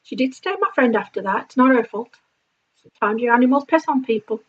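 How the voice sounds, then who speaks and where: Animated, sweary woman telling a story. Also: fairly high pitch, brisk, husky. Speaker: vlogger. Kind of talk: casual storytime vlog. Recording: slightly dull lo-fi sound.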